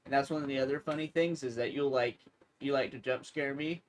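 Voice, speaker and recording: A man's voice: mid-range voice, fairly even intonation, a little fast. A man co-hosting a podcast, chatting casually and agreeably with occasional chuckles. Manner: easygoing, agreeable, chuckles often. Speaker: podcast co-host. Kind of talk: casual chat.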